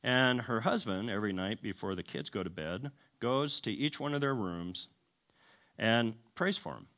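A man's voice: fairly low pitch, moderate pace. A man telling a story in a sermon, humorous and self-deprecating, acting out the voices of the people in it. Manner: animated storytelling, acts out quoted voices. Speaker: preacher.

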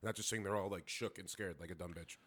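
A man's voice: sits low, fairly even intonation, fast talker, a bit bright. A man from New York, co-hosting a podcast, arguing his point in a heated, profane rant. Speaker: podcast co-host. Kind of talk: casual chat.

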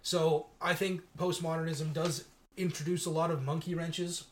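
Guy cohosting a podcast, a bit higher voice, sarcastic and incredulous about everything. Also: level tone, slight background noise. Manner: sarcastic, incredulous, quick to mock. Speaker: podcast co-host. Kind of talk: casual conversational podcast.

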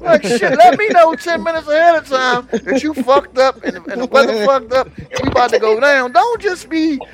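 A man co-hosting a podcast, telling an animated, profane story in casual chat. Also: extremely high pitch, moderate pace, a crowd in the background. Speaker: podcast co-host.

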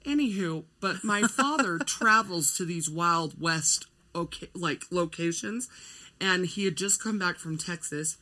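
A woman's voice: lowish voice, measured pace, pushed and bright. A young woman co-hosting a casual chat, telling stories in a playful, giggly, rambling way.

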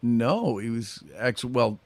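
A man's voice: mid-range voice, animated, normal speed, no room sound. A man hosting a playful game segment, teasing his guest and laughing often. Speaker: host. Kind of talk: playful game-show banter.

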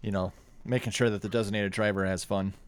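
A man with a Minnesotan accent co-hosting a casual chat, relaxed and thoughtful, with many fillers. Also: on the low side, quick pace, clear, resonant tone. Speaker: co-host. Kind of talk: casual chat tasting sodas.

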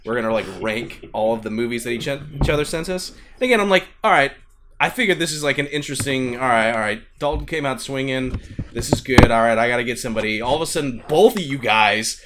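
A man co-hosting a casual podcast chat, telling a rant with swearing and loud bursts. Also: mid-range voice, animated, quick pace, background noise. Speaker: podcast co-host.

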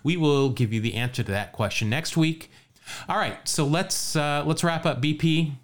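A man's voice: on the high side, moderate pace. Man, podcast co-host, easygoing storyteller who laughs a lot. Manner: laughs often, storytelling with asides. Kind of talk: casual baseball history chat.

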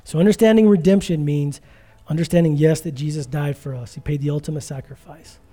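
A man's voice: on the high side, brisk, warm tone, soft background music. A middle-aged man preaching a conversational sermon as pastor, telling stories with quoted asides.

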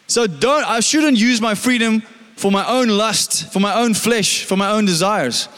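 Male pastor, high voice, casual questioning sermon, echoing church hall. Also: a little slow, a bit bright. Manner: conversational preaching, asks the congregation questions.

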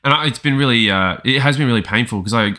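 A man co-hosting a podcast, speaking in an earnest, halting, supportive way. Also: medium pitch, sharp tone. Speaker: podcast co-host. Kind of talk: casual chat.

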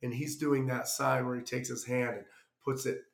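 Gravelly man telling a rambling story. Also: medium pitch, normal speed. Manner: rambling, animated anecdote with acted-out quotes. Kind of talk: casual storytelling. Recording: roomy echo.

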